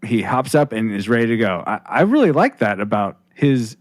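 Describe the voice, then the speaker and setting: A man's voice: medium pitch, big pitch swings, moderate pace, dry recording. A man hosting a casual podcast, rambling with restarts while reading listener comments on a close mic. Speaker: podcast host.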